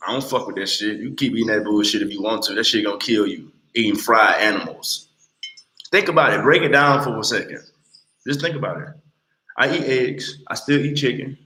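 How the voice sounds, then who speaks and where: A man in his late twenties talking bluntly and with lots of swearing on a casual livestream, telling animated stories. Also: fairly low pitch, brisk, reverberant, low-quality recording. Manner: blunt, profane, animated storytelling. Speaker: livestream host.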